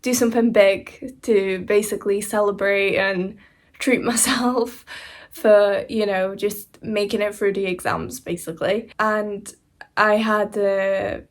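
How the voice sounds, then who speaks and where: A woman's voice: mid-range voice, fairly even intonation, slow. A young woman from Hungary, raised in England, telling a casual storytime vlog in a rambling, chatty way with fillers and little laughs. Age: young adult. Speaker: vlogger. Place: indoors at home, seated beside laptop.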